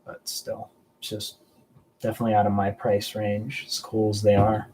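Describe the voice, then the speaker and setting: A young Southern man hosts a collectibles channel live stream, answering viewers in a laid-back, rambling way and swearing freely. His voice is lowish, warm and monotone at a moderate pace, and the low-quality recording carries a bit of hiss or hum.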